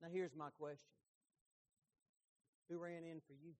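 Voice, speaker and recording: A middle-aged man preaching a sermon, telling the story with lively emphasis and folksy asides. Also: a little high, measured pace.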